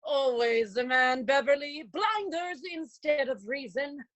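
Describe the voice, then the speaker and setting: A woman's voice: high voice, expressive, unhurried, no echo. An actress playing a cool, sardonic female doctor who speaks in a dry, cutting way. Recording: dull, dry lo-fi recording.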